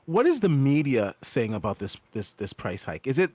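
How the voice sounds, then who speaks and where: A man's voice: medium pitch, wildly swooping pitch, a little mellow, no room sound. A man on a casual gaming podcast, chiming in with playful remarks. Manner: playful, quick interjections. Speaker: podcast co-host.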